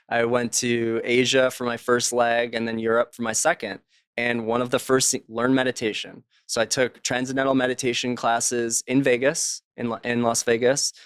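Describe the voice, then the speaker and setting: A man being interviewed about his work as an author tells anecdotes in a relaxed, conversational way. He often drops into the voices of people he quotes. His voice is smooth and resonant at a middling pitch, and the sound is dry with no room around it. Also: dry recording. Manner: acts out quoted voices while telling anecdotes. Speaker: author and podcast guest. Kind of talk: casual interview storytelling.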